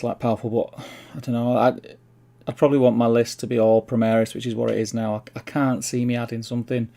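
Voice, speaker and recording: A livestream host from Manchester, England, rambles chattily in a Mancunian accent, reading out viewer comments and calling everyone "mate." His voice is medium-pitched and dark, with some vocal fry.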